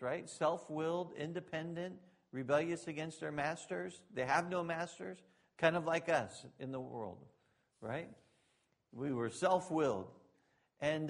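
A fairly high-pitched man preaches a sermon at an unhurried pace. He rises into loud, emphatic declarations, then drops to quiet, casual asides and jokes with the congregation. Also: gravelly. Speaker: pastor.

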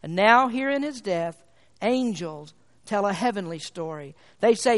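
Male preacher, high voice, emphatic sermon delivery with rhetorical questions, reverberant hall. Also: expressive, unhurried.

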